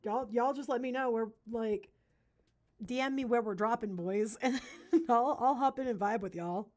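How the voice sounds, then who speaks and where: A woman's voice: on the high side, moderate pace. A young woman chatting casually and playfully on a livestream, slangy and giggly while she works. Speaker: streamer drawing commissions.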